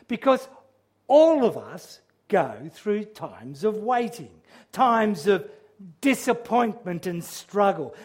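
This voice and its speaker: A man preaching a sermon, earnest and measured, with frequent restarts, who raises his voice when he quotes a psalm's cries. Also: high voice. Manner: quotes scripture in a raised, crying-out voice.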